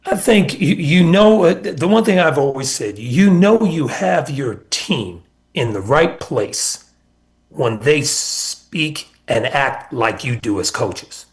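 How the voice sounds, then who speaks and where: A man's voice: fairly high pitch, lively intonation, takes it slowly. Man, middle-aged, former basketball coach, earnest storyteller, repeats points for emphasis. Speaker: former college basketball assistant coach, guest. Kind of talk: sports radio interview.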